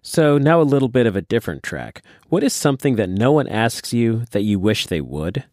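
A man's voice: medium pitch, very animated, fairly quick, darkish tone, no echo, studio quality. A man hosting an interview, asking questions in a friendly way.

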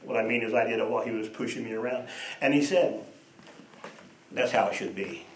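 A man preaching a sermon, telling stories and moving between hushed and emphatic delivery. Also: fairly low pitch, a little fast, a little hiss or hum. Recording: echoey room, voice from a distance.

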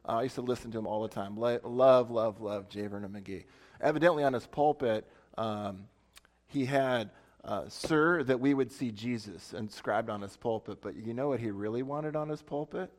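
This sermon comes from a male pastor speaking at a moderate pace in a mid-range voice. His style is informal and talkative, with thinking out loud and self-deprecating remarks along the way.

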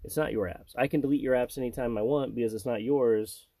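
A man's voice: medium pitch, quick pace, mellow, dry recording. A middle-aged man hosting a casual family podcast with his child, joking and rambling. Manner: joking, rambling, silly asides. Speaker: podcast host and father.

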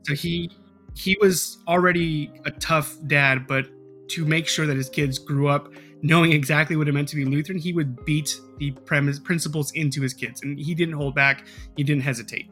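Fairly high-voiced rambling podcast host man. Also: fairly even intonation, moderate pace, a bit bright, faint music behind. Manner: rambling, filler-heavy, profane storytelling. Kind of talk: casual podcast chat.

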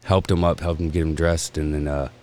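Deep-voiced guy, loose profane storytelling among friends. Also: little pitch movement, brisk, darkish tone, a little hiss or hum. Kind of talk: casual chat among friends.

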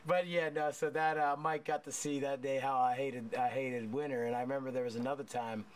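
A man's voice: medium pitch, steady tone, normal speed. A man hosting a casual chat, telling profane stories with a lot of laughter and restarts. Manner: rambling with many restarts.

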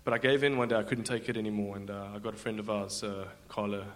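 Guy telling his church testimony into a stage mic, halting, lots of uhs and restarts. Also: lowish voice, steady tone. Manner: halting, many fillers and restarts. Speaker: guest giving a testimony. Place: church in front of a congregation.

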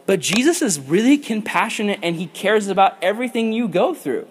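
A slightly high-voiced man leads a casual Bible lesson for a youth group. He jokes, rambles and goes off on tangents between the verses. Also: animated, brisk. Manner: goofy, joking, rambling. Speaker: youth pastor.

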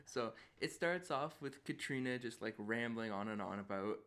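A man's voice: mid-range voice, expressive, normal speed, a bit bright. A man co-hosting a podcast, chatting casually about a radio drama episode with frequent laughs and jokey asides. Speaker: podcast co-host. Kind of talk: casual episode recap chat.

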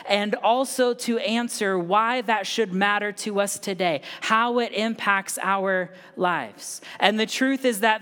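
A man's voice: high-pitched, a bit bright, clear, resonant tone. A man preaches from the pulpit of a church sanctuary in an easy, conversational way, putting question after question to the congregation. The sound carries the long, ringing reverb of a large church hall. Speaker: pastor. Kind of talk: sermon.

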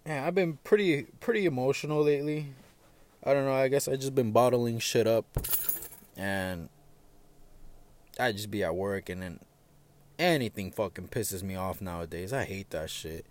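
Young man, casual solo podcast, sitting in his truck, swears a lot, lots of fillers and restarts, gets loud and heated. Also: medium pitch, moderate pace, pauses often. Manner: frank and profane, with frequent fillers and restarts. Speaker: podcast host. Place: parked truck.

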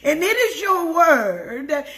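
A woman's voice: high-pitched, very animated, slow, a bit bright. An older woman preaching a devotional sermon, emotive, repeating phrases and greeting viewers by name.

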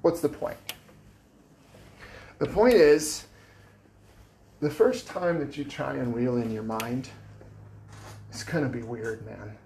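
A male pastor preaching in a church, his mid-pitched voice rough and gravelly. He talks in a conversational, down-to-earth way, with a faint hiss of noise under the recording. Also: slow pace, long pauses, darkish tone. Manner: conversational preaching with casual asides. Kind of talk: sermon. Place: church sanctuary.

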